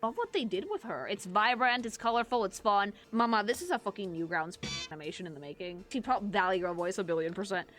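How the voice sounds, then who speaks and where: Bright, excitable, swearing woman streamer. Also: medium pitch, quick pace, few pauses, soft background music. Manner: excited, profane, gushing commentary to chat. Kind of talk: casual reaction stream chat.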